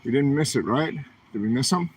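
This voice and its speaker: A man's voice: mid-range voice, expressive, a little fast, slightly rough. A man, streaming while he walks the aisles of a store, chatting and asking his viewers questions. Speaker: vlogger. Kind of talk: livestream vlog while shopping.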